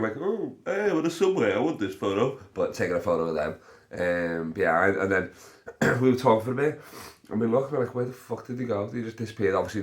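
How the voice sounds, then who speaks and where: A young man telling a rambling, sweary story as a comedian hosting his podcast. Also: on the low side. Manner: rambling, swears a lot, frequent fillers. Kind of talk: casual storytelling chat.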